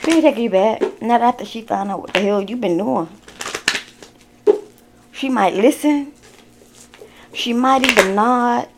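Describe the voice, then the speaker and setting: A woman's voice: a little high, a little slow, pauses often, heavy background noise. A woman giving a casual tarot reading, talking bluntly and with exasperation, swearing as she addresses the viewer directly. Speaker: tarot card reader.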